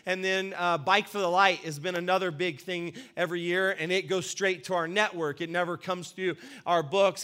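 Male pastor, high and clear, upbeat and celebratory, chatty congregational meeting delivery. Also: sharp tone. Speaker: senior pastor. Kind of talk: church business meeting address.

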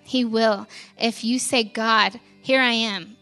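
Pastor's wife sharing her testimony at church, bright highish voice, chatty with lots of "like", soft music under it. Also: steady tone, takes it slowly. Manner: candid, conversational, lots of "like" fillers, laughs at herself.

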